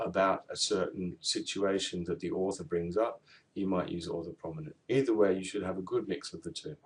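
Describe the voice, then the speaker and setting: A man's voice: deep voice, darkish tone. A man giving a recorded university lesson on referencing, explaining step by step with fillers and self-corrections. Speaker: university tutor. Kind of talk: recorded lecture on assignment referencing.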